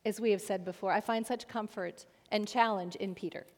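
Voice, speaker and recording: A woman's voice: medium pitch, steady tone, brisk, darkish tone. A woman giving a personal, reflective sermon, searching for words as she speaks. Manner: personal, searching, with small restarts. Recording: reverberant hall.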